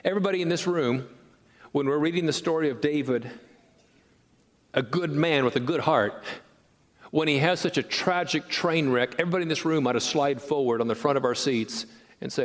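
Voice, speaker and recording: A man's voice: mid-range voice, moderate pace. Man preaching in a reverberant sanctuary. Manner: animated storytelling with frequent restarts and repeated words. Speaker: pastor. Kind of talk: sermon. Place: church sanctuary. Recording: long reverb of a large sanctuary.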